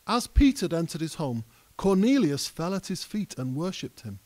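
Fairly high-voiced preacher. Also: male voice, big pitch swings, normal speed, darkish tone. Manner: conversational preaching, builds to emphatic peaks. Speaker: pastor. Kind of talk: sermon. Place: church hall.

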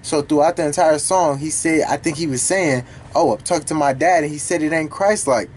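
Animated, profane man reacting to music. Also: on the high side, a little fast, slight background noise. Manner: animated, profane, talks back to the song. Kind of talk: casual reaction commentary.

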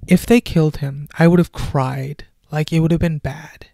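A man giving an excited, casual film review on a headset mic, swinging from loud enthusiasm to hushed near-whispers. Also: fairly high pitch, normal speed, creaky, no echo.

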